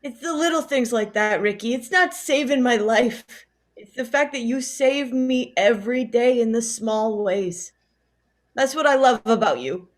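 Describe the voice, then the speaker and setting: A woman plays a devoted friend who reassures and comforts with earnest emphasis. Her voice is slightly high. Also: a little slow, lightly acted. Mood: tender. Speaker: improv performer. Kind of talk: improv comedy scene.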